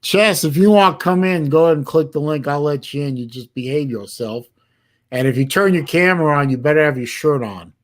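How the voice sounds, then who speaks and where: A man hosting a casual livestream chat, talking in halting bursts with many restarts. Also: on the high side. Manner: halting, many restarts while fiddling with an app. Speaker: livestream host.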